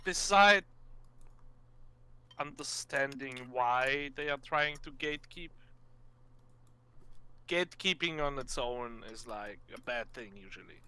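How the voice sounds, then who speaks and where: A man guesting on a casual gaming podcast, speaking haltingly as he searches for words. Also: mid-range voice, expressive, sharp tone, smooth, dry recording.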